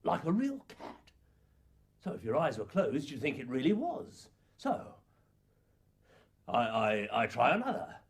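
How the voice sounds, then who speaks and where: An actor playing an elderly father in a lonely farmhouse, a shrewd and wry man telling his story slowly in a husky voice. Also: mid-range voice, wildly swooping pitch, full character voice. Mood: excited wonder. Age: older. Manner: slow storytelling with playful sound imitations. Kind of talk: acted monologue recollection.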